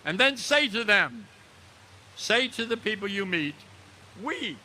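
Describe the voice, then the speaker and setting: A man's voice: high-pitched, lively intonation, pushed and bright, a little hiss or hum. Older man giving a solemn memorial speech. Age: 90s. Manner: solemn, measured oratory with recited verse. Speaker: World War Two Merchant Marine veteran speaker. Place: outdoor memorial ceremony.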